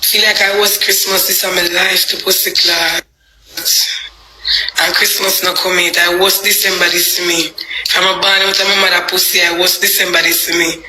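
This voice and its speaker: A man's voice: high voice, flat delivery, moderate pace, sharp tone, roomy sound, a little hiss or hum, rough recording. A man with a Jamaican accent, talking to his live-stream viewers in Patois in a rambling, confessional way.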